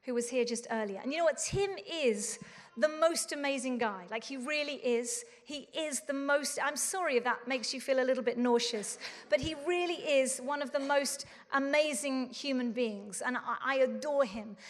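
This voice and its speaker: A woman's voice: high-pitched, moderate pace. A woman in her forties giving an earnest, self-deprecating and humorous conference talk. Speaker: conference speaker. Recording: long hall reverb.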